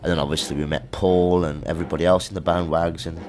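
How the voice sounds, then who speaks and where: Middle-aged musician, very low voice, loose chatty storyteller, slangy. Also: male voice, flat delivery, fast talker, darkish tone. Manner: chatty anecdotes with slang and laughs. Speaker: musician guest. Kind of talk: casual storytelling interview.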